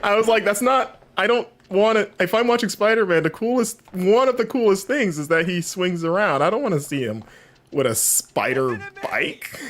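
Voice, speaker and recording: A man's voice: high voice, animated, normal speed, fairly bright tone, a little hiss or hum. A young man co-hosting a game stream, chatting casually and laughing often. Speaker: co-host.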